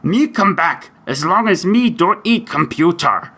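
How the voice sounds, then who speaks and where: A cookie-crazed furry puppet monster with a high, gruff voice, as a man puts him on. He speaks in broken grammar, drawn out slowly. The voice sits a bit back from the mic. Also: lively intonation, bright, forceful tone, heavily acted. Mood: goofy.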